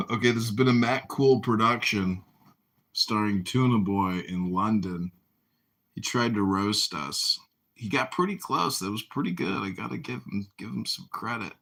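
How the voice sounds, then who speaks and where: A man's voice: on the low side, moderate pace, creaky, a bit bright. A man ranting in a mocking, over-the-top way during a parody political show, putting on an English accent. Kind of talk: mock rant on a live audio chat.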